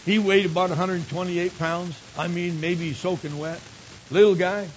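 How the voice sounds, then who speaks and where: A man's voice: high voice, fairly even intonation, normal speed. Older man preaching in a lo-fi recording. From Michigan. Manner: storytelling, builds to emphatic exclamations. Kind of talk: sermon. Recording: dull lo-fi recording with faint hiss.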